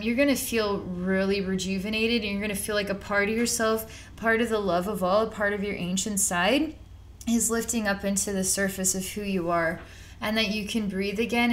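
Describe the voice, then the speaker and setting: A woman talks through a psychic reading off the cuff. She rambles, circles back with repeated words, and drops casual slang as she goes. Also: medium pitch. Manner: rambling and repetitive, conversational, with slang. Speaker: psychic reader.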